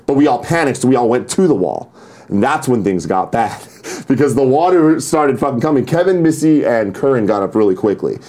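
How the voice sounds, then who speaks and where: A young man on a casual morning talk show, telling a story with laughs and acted-out shouts. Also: medium pitch, animated, a little fast. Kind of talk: casual chat.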